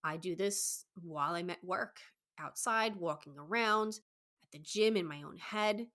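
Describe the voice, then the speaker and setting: A young woman, a dating coach, giving advice on her podcast in a fast, excited, enthusiastic way. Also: fairly low pitch. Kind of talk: solo podcast advice talk.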